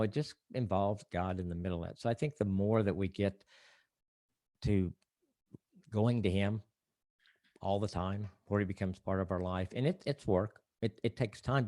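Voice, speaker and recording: An older man's deep, low voice carries a relaxed, earnest podcast conversation. He reflects aloud and restarts his sentences as he goes. The sound is dry and close, with no room behind it. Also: no echo. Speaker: marriage counselor guest. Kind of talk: casual podcast interview.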